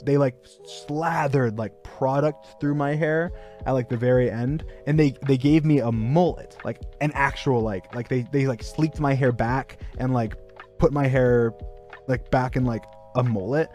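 A young man recounting a story off the cuff, voice sitting at an ordinary middle pitch. He rambles and leans on fillers, poking fun at himself as he goes. Faint music plays underneath. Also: normal speed, darkish tone. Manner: rambling, filler-heavy, self-mocking, breaks into laughter. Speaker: streamer. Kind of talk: casual storytelling on a livestream.

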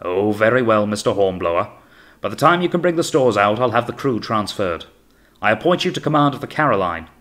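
A man voicing a brisk, commanding older naval captain who speaks in a raised, authoritative voice. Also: mid-range voice, lively intonation, pitched above the performer's own voice, lightly acted.

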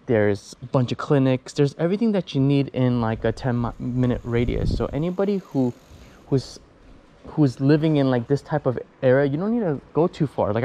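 Man on a bike, mellow voice, loose filler-heavy chatter, slightly winded, faint traffic behind. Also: mid-range voice. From United States. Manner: rambling, many fillers and restarts. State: out of breath. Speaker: vlogger. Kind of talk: casual chat while cycling. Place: outdoors on city streets, riding a bicycle.

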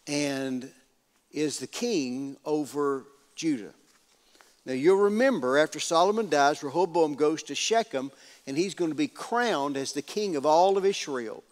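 A man preaching in a folksy, animated storytelling way, often repeating words. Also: a little high. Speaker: pastor. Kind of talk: storytelling sermon. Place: church sanctuary. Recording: reverberant church hall.

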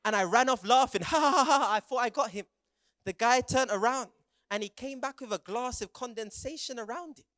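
A man's voice: very high voice, brisk, a bit bright, dry recording, studio quality. A young adult man preaching a dramatic sermon to young people, retelling scenes vividly with stammered restarts and prompts for the audience to join in.

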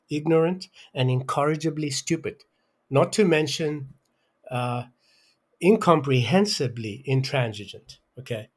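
A man explaining a calculus proof in an angry, abusive rant, hurling insults and leaning on "okay?". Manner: abusive, insulting, pitch rising in outbursts; hesitant restarts, repeated "okay?". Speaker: self-styled math lecturer. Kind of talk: angry math rant over a worked example.

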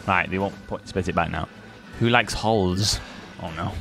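A man's voice: low voice, moderate pace, vocal fry, music in the background. A man, teasing and swearing freely in casual gaming chat. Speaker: streamer.

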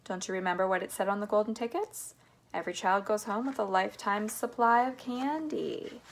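A breezy, eccentric old-fashioned candy maker, brisk and chatty, as a woman reading a storybook puts him on. His voice sits at a middling pitch with a gravelly edge. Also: a little hiss or hum, natural voice.

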